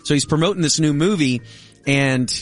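A man's voice: fairly high pitch, normal speed, faint music behind. A middle-aged man hosting a radio show, telling a self-mocking story in casual banter.

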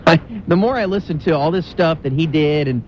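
A man's voice: fairly high pitch, a little fast, darkish tone, muffled recording, a little hiss or hum. A man on a sports radio show, bantering in a brash, mocking way.

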